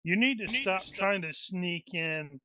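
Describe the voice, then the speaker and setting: A man's voice: sits high, expressive, fairly quick, bright, forceful tone. A man playing in a tabletop game, joking and teasing the others in casual chat. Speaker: player.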